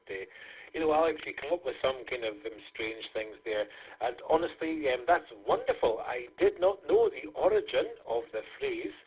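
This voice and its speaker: A chatty man from the UK hosts an amateur radio net as net control, trading call signs and small talk with lots of ums. His voice is a bit husky and his pitch moves around a lot. It comes through narrow, phone-like radio audio. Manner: chatty, many fillers, friendly sign-offs with call signs. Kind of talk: casual ham radio net chat.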